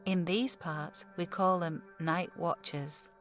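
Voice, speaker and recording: A woman voicing an old male pub landlord with a broad Yorkshire accent, speaking slowly and deliberately, calm and ominous. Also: fairly low pitch, soft background music. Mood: warning. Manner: broad dialect, slow and deliberate.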